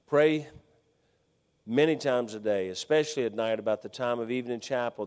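A middle-aged man preaching a folksy sermon, swinging between loud exhortation and hushed storytelling. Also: on the low side. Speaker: pastor. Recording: long hall reverb.

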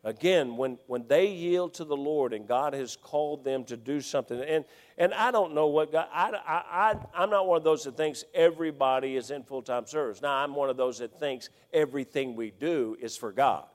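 A middle-aged man preaching a folksy sermon, swinging between loud exhortation and hushed storytelling. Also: fairly high pitch, normal speed. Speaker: pastor. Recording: long hall reverb.

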